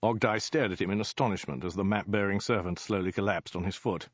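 Brief: low-voiced male storyteller, dry and measured, dull lo-fi recording. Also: no room sound. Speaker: narrator. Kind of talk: scripted narration of a comic story.

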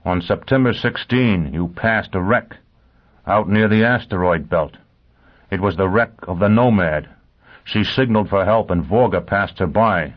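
A man voicing a vengeful, driven man who questions with calm ferocity. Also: low-pitched, unhurried, muffled recording. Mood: menacing. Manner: cold, intense interrogation.

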